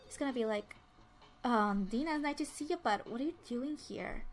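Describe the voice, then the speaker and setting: A woman's voice: on the high side, moderate pace, faint music behind. Chatty woman narrating a life-sim game. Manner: chatty, voices dialogue for the sims, many restarts. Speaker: let's play narrator. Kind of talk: casual game commentary with voiced character lines.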